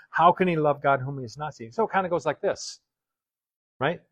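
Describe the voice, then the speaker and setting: A man preaches a sermon, peppering it with rhetorical questions. His voice sits a little high for a man, and he shifts from hushed lines to sudden loud ones. The sound is close and dry, with little room around it. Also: a little fast, dry recording. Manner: rhetorical questions, swings between soft and loud.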